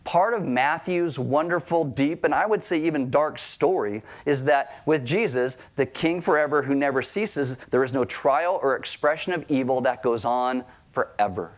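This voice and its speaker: A man's voice: mid-range voice, normal speed, few pauses. A married man preaching a sermon to a church congregation, talking casually, asking the crowd questions and joking lightly. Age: adult, married. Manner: conversational, asks the crowd questions and jokes lightly. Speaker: pastor. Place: church service before a congregation.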